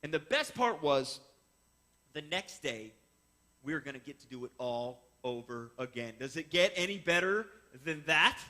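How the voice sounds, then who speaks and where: On the high side and at normal speed, a man's voice recounts a personal fishing story to listeners. He's animated, explaining each step and doing voices for the characters.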